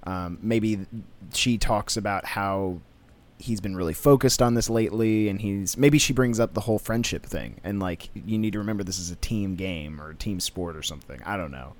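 A man in casual chat, thinking aloud in a laid-back way as he pitches story ideas. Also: moderate pace.

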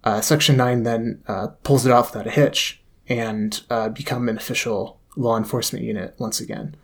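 A man's voice: mid-range voice, fairly even intonation, moderate pace. A man co-hosting a podcast in casual chat, laid-back and hesitant, with many ums and uhs. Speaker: podcast co-host.

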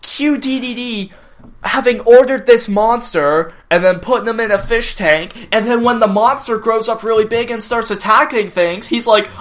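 A man's voice: very high voice, normal speed, fairly bright tone, echoey room. A man co-hosting a casual chat at home, making jokey, sarcastic asides. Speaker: podcast co-host. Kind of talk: casual chat recapping a cartoon episode. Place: his home.

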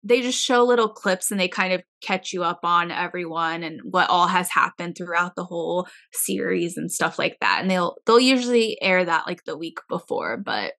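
A woman's voice: fairly low pitch, expressive, normal speed, vocal fry, hardly any pauses, fairly bright tone. A young woman co-hosting a casual chat, chatty and often acting out what others said. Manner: chatty, acts out quotes from others.

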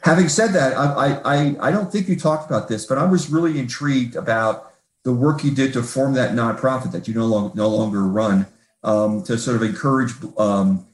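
A man's voice: mid-range voice, moderate pace. A man in a casual group conversation speaks thoughtfully and rambles a little. He restarts his sentences often as he works toward his point. The room around him adds a noticeable echo. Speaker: audience member asking a question. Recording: roomy echo.

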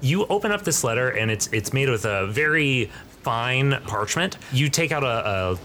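A man narrates a tabletop game as game master, rambling with many fillers. His mid-range voice is bright and forceful, with lively intonation at normal speed. There's slight background noise.

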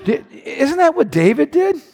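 A man preaching a sermon in an animated way, his voice climbing to near-shouts. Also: extremely high pitch, measured pace, faint music behind. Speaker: pastor.

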